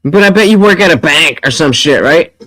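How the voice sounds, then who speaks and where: A man hosting a livestream, reacting to a debate with mocking, profane commentary that swings from low muttering to loud outbursts. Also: expressive, brisk, dry recording.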